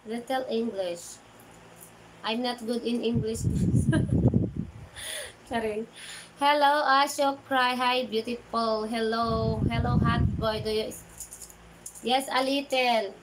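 A woman with a Filipino accent hosts a casual livestream, talking slowly. She greets viewers by name and reads their chat aloud, switching between English and Tagalog. Her voice sits high, and loud noise runs under it throughout. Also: fairly even intonation. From Philippines. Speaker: livestream host.

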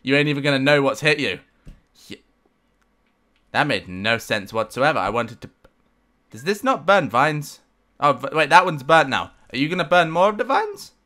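A man in the middle of a let's-play, narrating with excitable, self-mocking energy. His voice is a touch higher than most men's, swings widely up and down, and has a bright edge. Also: normal speed, pauses often. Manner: excitable, talks to the game, self-mocking outbursts. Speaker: gameplay commentator.

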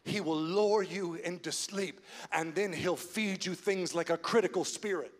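A man preaching a sermon as pastor, swinging from hushed, slow lines to loud, fast build-ups. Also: high-pitched. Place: church sanctuary. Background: soft music.

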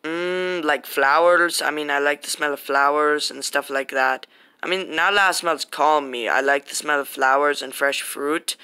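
A man plays a laid-back young housemate who chats loosely, full of "I mean" and "like." His voice sits a little high and very bright, with a crisp, clean tone. It's homemade skit acting. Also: normal speed.

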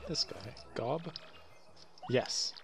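A man casually commentating his video game playthrough with relaxed, wry asides. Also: medium pitch, extremely slow, vocal fry. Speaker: video game let's player.

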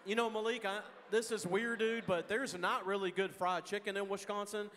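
A man's voice: sits high, fairly even intonation, normal speed, fairly bright tone. Folksy Texan man in a hall. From Texas. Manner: folksy, joking, drawling. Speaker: guest answering student questions. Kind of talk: casual chapel Q&A. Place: school chapel hall. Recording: reverberant chapel hall.

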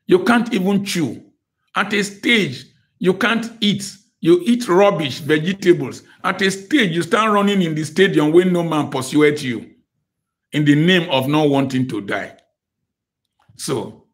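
A man's voice: a little high, a bit bright. Emphatic older man giving a lecture. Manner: emphatic, preacherly, with repeated phrases. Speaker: guest lecturer. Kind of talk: motivational lecture.

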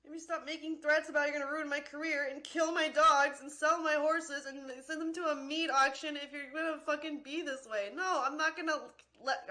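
A woman's voice: high-pitched, bright, forceful tone. A woman streamer in an angry livestream rant, swearing constantly and sounding exasperated and worn out.

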